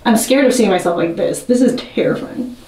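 A young woman talks to her camera in a nervous, self-mocking ramble, her voice sitting a little high. She's a step back from the mic in an echoey room at home. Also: brisk, darkish tone. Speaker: vlogger. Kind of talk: casual talking to camera while cutting a wig. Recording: roomy and a bit distant from the mic.

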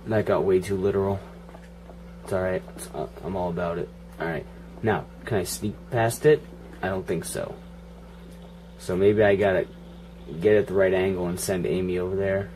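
A man's voice: deep voice, steady tone, moderate pace, pauses often, darkish tone, slight background noise. A man giving casual, profane running commentary while playing a video game, grumbling and joking at it. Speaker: gaming channel host.

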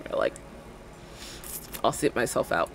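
A woman's voice: a little slow, slight background noise. A young woman in her twenties streaming a game, chatting casually in a giggly, rambling way full of "like" fillers. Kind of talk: casual livestream chat while playing a game.

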